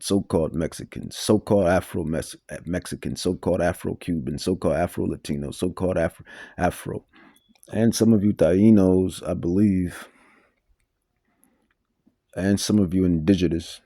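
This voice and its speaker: A man's voice: deep voice, creaky, mellow, no echo, clean studio sound. A man preaching a Bible teaching sermon, emphatic and repetitive with stumbling restarts.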